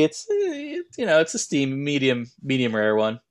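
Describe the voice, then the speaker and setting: Chatting casually as a podcast co-host, a young man with an ordinary middle pitch rambles through a story, circling back and restarting sentences. His voice is smooth, with big pitch swings, at normal speed.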